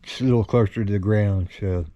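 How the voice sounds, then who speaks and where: A worn-out middle-aged man talks slowly into a handheld camera, restarting phrases and trailing off. His voice sounds mellow and dark, and the audio is slightly dull and muffled. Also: on the low side, steady tone. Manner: tired, halting, yawning often. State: very tired. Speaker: vlogger sharing his cancer journey. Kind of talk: casual home video update. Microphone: camera held in his own hand.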